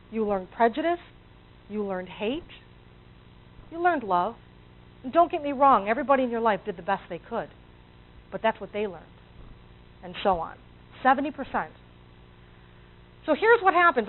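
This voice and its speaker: A woman giving a motivational talk to a live audience, acting out inner voices and asking the audience questions. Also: a little high. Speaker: motivational speaker. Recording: tinny, phone-like audio.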